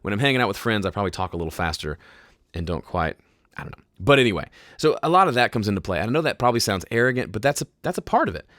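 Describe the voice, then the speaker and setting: Guy with a lowish smooth voice doing a laid back q&a podcast, chatty, lots of ums, dry close mic. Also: very fast, no echo. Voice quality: smooth, polished speaking voice. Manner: relaxed, conversational explaining with ums and restarts. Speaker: host answering viewer questions. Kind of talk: casual live Q&A podcast. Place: home studio.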